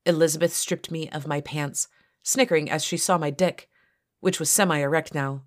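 Woman, low voice, author narration, first-person story, steady reading. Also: moderate pace.

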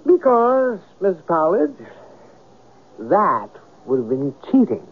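Brief: writer telling his own story in a radio play, slow and measured, phone-thin lo-fi audio. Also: high-pitched, wildly swooping pitch, exaggerated voice. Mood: wry. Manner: measured storytelling, wry and evasive in talk. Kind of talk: 1970s radio drama acting. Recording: lo-fi old radio broadcast with faint hiss.

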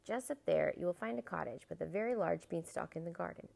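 A woman voicing a dignified, gently scolding talking signpost in a storybook reading. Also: on the low side, quick pace, creaky.

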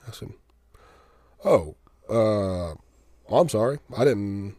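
A man with a drawl tells a story in a relaxed, deadpan way, with a fairly low voice. The mic sound is close and dry, with no room around him. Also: takes it slowly, dry recording. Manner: drawling, deadpan storyteller who acts out both sides of a quarrel. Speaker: podcast co-host. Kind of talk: casual storytelling chat.

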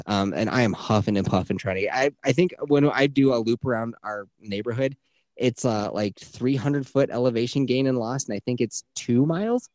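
A man in casual podcast chat, spinning a long story with plenty of swearing and lively bursts. His voice sits in a middle pitch and is recorded dry and close, with little room sound. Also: normal speed, no echo. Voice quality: profane, animated storyteller. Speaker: podcast host.

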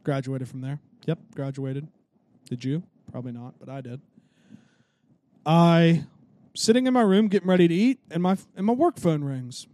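A man's voice: on the high side, moderate pace, dark tone. A young man hosting a casual solo podcast, telling stories in a joking, profane, self-mocking way. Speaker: podcast host.

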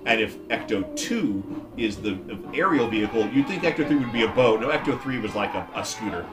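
A man's voice: on the low side, expressive, brisk, music in the background. A man hosting a casual chat, telling stories with enthusiasm. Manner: enthusiastic storyteller.

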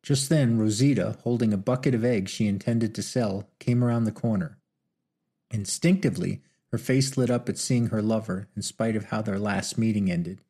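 A man narrating a western audiobook in a steady storytelling manner. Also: on the low side, moderate pace, husky.

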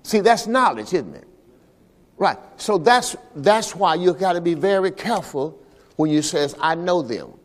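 A man's voice: sits high, animated, unhurried, long reverb tail. A man, the pastor, preaching a sermon at a church service and calling for responses from the congregation. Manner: call-and-response preaching, repeating "all right" to the congregation.

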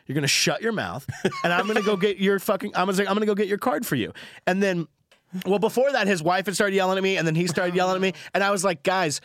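A man tells a story at a quick clip, his voice sitting a little high. He acts out other people's lines as he goes. The sound is dry and close. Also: dry recording. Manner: fast, animated storytelling with acted-out quotes. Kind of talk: casual storytelling chat.

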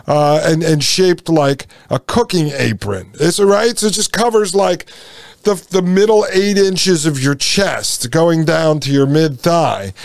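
A man hosting a podcast, telling a personal story in a blunt, animated, indignant way with casual asides. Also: a little high, a little slow, gravelly, no echo. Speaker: podcast host.

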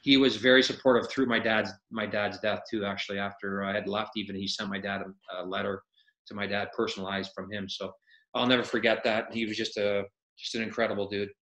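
A man with a bright, forceful voice spins lively stories in easy conversation and acts out what others said. His voice rings with a noticeable echo of the room around him. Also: lowish voice, brisk. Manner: animated storyteller acting out quotes, laughs often. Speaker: podcast guest, retired hockey player. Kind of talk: casual storytelling.

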